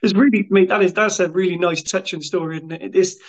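A man's voice: high voice, steady tone, fast talker. A man hosting a podcast, asking questions in an enthusiastic, matey way during a casual interview. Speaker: podcast host. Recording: dull lo-fi audio.

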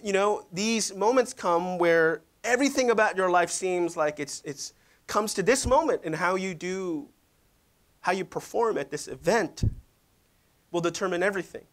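A man's voice: high voice, a bit bright. A middle-aged male pastor preaching in a church, conversational and full of rhetorical questions to the audience. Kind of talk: sermon.

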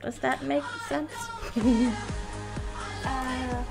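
A woman's voice: high-pitched, steady tone, very slow, gravelly, over music. A woman streaming a horror game live, chatting with viewers, giggling and yelping when startled.

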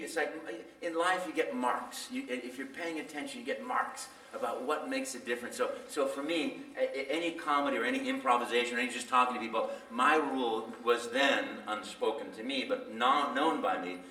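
A man telling animated stories at a fan convention panel, laughing and acting out voices along the way. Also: medium pitch, fairly quick. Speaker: voice actor, panel guest. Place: convention hall. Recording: echoey hall, mic from a distance.

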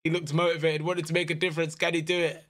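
A young man giving live commentary over a football management game, swinging from muttered dread to shouted excitement. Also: on the high side, quick pace. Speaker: gaming YouTuber.

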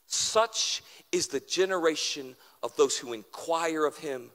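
A man preaching a sermon as pastor, building through repeated refrains and dropping suddenly to a hush. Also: a little high, lively intonation, measured pace, hardly any pauses, big-room sound.

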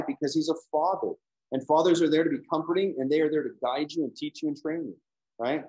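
A man lecturing on scripture in a relaxed, conversational way. He keeps checking in with his listeners and his pitch sits in an ordinary middle range. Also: poor audio. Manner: conversational, fillers, frequent "right?" check-ins. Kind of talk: casual Bible lecture.

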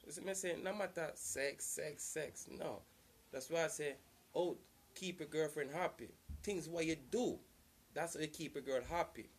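Man, casual advice vlogger, loose and repetitive, pitch a touch high. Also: moderate pace, slight background noise. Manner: repetitive, loose and earnest, circling back to the same points. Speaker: vlogger giving relationship advice.

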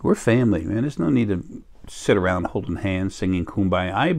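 Rambling low-voiced man talking casually. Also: expressive, normal speed, gravelly, a little mellow. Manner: meandering, self-interrupting, casual. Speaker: self-styled spiritual healer. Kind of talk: rambling monologue to camera. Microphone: laptop or phone recording.

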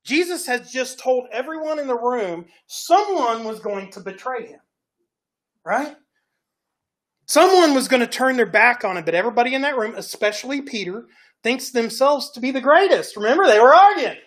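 A woman's voice: a little high, animated, normal speed. A woman preaching a conversational sermon, chatty and often checking in with "right?" while acting out the scenes. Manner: chatty, keeps asking "right?", acts out scenes.

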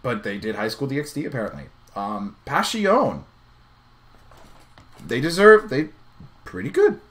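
Animated, bright-voiced man reacting to anime. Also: mid-range voice, unhurried. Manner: excitable, chatty, thinks aloud with many fillers. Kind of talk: live reaction commentary.

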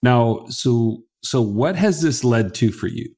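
A man's voice: medium pitch, animated, slow, warm tone, slightly rough. A man co-hosting a podcast, asking the guest reflective follow-up questions. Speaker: podcast co-host. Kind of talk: conversational interviewing.

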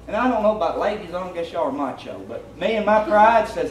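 A man's voice: high voice, animated, quick pace. A man with a Southern US accent preaching a plainspoken, folksy, conversational sermon as pastor. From Tennessee. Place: church sanctuary. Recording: roomy church sound from a distant mic, faint hum.

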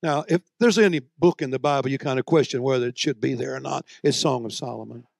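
A man preaching a sermon, moving between soft, low storytelling and loud, shouted exhortation. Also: fast, creaky, no echo, studio quality.

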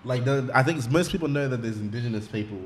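A young man from Australia hosts a relaxed podcast chat at a middle pitch. He talks with animated emphasis, leaning on "man" as he drives his points home. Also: fast, slight background noise. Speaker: podcast host. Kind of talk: casual podcast conversation.

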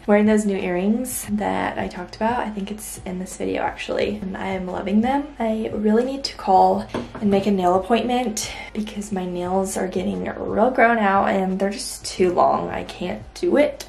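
A young woman in her twenties chats casually in a home vlog, bubbly and quick to gush. The room is echoey. A faint hum of noise sits in the background. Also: mid-range voice, gravelly, darkish tone. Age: 20s. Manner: bubbly, gushing, giggly. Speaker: vlogger. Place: home, indoors.

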